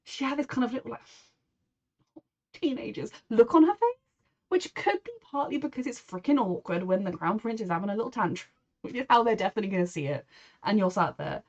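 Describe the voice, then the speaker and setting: A woman's voice: a little high, big pitch swings, a little fast, a little mellow, highs cut off. A woman from England talking through a show reaction, emotional and rambling, slipping into mock voices to quote people. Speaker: reaction video host. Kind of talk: casual reaction commentary.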